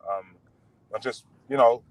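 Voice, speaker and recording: Relaxed young man on a video call. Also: medium pitch, a little slow, no echo, poor audio. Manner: relaxed, rambling, many fillers and restarts. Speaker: guest boxer. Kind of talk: casual interview over video call.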